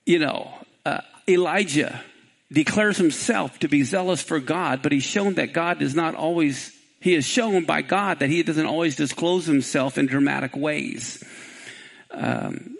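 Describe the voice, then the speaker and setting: A man preaching a sermon, retelling the scripture story with animation and then dropping into a lower, conversational tone for commentary. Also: gravelly. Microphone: live-streamed.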